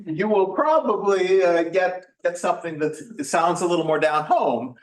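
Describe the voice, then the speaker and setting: A man giving a workshop talk in an informal lecture style, halting often with fillers and restarts. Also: sits high, a little hiss or hum. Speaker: workshop presenter. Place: church meeting room. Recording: echoey room, mic at a distance.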